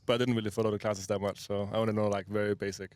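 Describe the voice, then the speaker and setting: A young man, a pro esports player answering interview questions in a relaxed, plain way. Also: on the low side, racing, no echo. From Denmark. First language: Danish.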